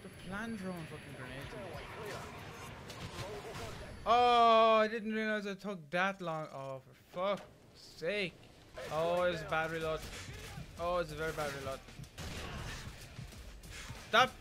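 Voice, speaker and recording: A young man giving frustrated gameplay commentary, swearing loudly and muttering exasperated asides while playing a shooter, with game music and gunfire behind him. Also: sits high, slow pace, pauses often, noisy background. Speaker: gaming YouTuber.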